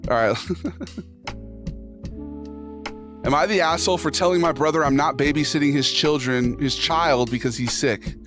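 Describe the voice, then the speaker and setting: A man with a fairly high speaking voice hosts a casual livestream, reading posts aloud and reacting to them. He swears freely and jokes back at his chat. A clear instrumental beat plays under his talk throughout. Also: unhurried, long pauses. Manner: profane, jokey, talks back to chat. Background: instrumental music playing under the talk.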